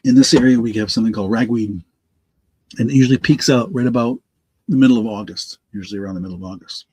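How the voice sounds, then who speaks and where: A middle-aged man hosting a live online auction, congested from allergies and slightly raspy, rambling and correcting himself as he answers viewers by name. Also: mid-range voice, quick pace, mellow, no room sound. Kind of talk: live-stream auction chat.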